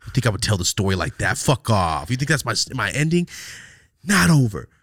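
A man hosting a podcast, telling a story in casual chat, animated and profane with loud outbursts. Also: on the low side, fairly quick, no room sound, studio quality. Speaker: podcast host.

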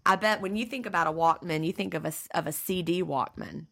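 A woman's voice: lowish voice, fast talker, gravelly, fairly bright tone. A middle-aged woman co-hosting a podcast in casual chat, explaining things plainly and laughing easily. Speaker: podcast co-host.

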